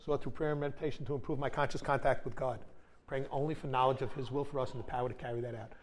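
Racing through his words with fairly even intonation, a middle-aged man gives a frank, wry testimony at a recovery meeting, swearing now and then. His pitch is medium, and there's slight background noise.

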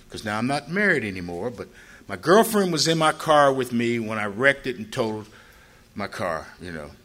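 Recounting something from his own life, an older Ohio man rambles along loosely with plenty of "you know" asides. He's animated, and his voice jumps high as he performs the words of the people in the story.

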